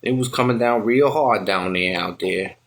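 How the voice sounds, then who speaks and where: A man telling a wild comedic tall tale in rambling, ungrammatical, excitable bursts. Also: on the low side, normal speed. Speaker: comic storyteller. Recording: loud music behind. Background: loud music.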